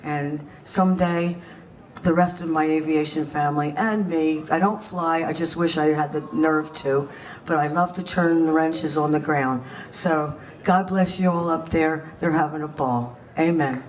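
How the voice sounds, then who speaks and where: A woman with a very low voice offers a heartfelt blessing for lost pilots. She is a mechanic, and she is heard from across the room with faint noise behind her. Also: steady tone, a little slow, a little mellow, distant mic, rough recording. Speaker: aviation mechanic. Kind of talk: memorial prayer-like tribute.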